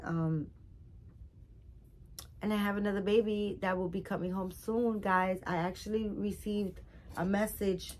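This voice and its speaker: A middle-aged woman vlogging about her doll collection in a rambling, chatty way, full of fillers, excitable and emotional. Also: fairly low pitch, a little hiss or hum. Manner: rambling, warm-hearted and chatty, many fillers; excitable, rising loud on some words. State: emotional, recently crying. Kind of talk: casual chat to viewers.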